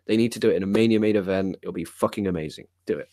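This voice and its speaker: Excitable crude man, dry sound. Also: sits low, very fast, no echo. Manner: excitable, crude, swears freely. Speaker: podcast co-host. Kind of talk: casual chat.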